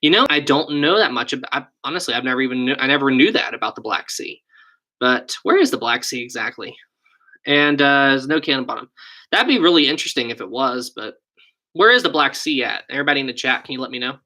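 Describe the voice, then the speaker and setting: A man's voice: medium pitch, expressive, quick pace, sharp tone. A young man with a West Virginian accent, hosting a casual live stream and chatting through viewer questions. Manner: chatty, reads and answers viewer questions, thinks aloud. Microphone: desk USB microphone.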